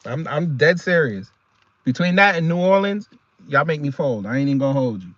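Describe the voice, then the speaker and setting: A man hosting a casual reaction video, talking in an animated, slangy way and laughing often. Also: on the high side, brisk, no room sound, lo-fi sound.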